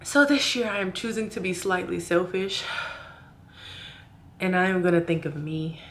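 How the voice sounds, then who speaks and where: Tearful, heartfelt bright-voiced young woman. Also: lowish voice, normal speed, slight background noise. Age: 20s. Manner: emotional, speaking through tears; heartfelt and earnest. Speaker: vlogger. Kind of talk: personal vlog talking to camera.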